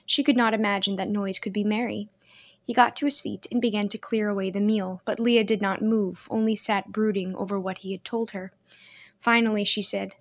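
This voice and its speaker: A woman's voice: mid-range voice, fairly even intonation, brisk. Woman reading a novel aloud. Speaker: audiobook narrator. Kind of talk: scripted narration.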